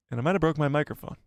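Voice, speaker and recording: A man's voice: fairly high pitch, no room sound, clean studio sound. A man hosting a casual live stream, reading out viewer messages and chatting back to them by name, laughing often, on a headset mic.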